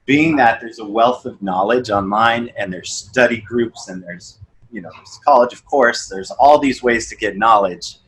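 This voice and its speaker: A man's voice: normal speed, slight background noise, low-quality recording. Man, podcast guest, casual storytelling, voices the people in his stories. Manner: storytelling, acts out dialogue with lively pitch jumps. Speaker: podcast guest, sales coach. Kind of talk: casual conversation.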